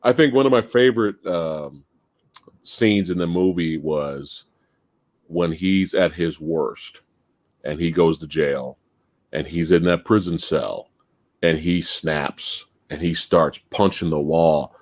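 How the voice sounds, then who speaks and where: A man hosting a casual movie podcast, talking in an animated way and laughing as he goes. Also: sits low, slow, no room sound. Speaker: podcast host.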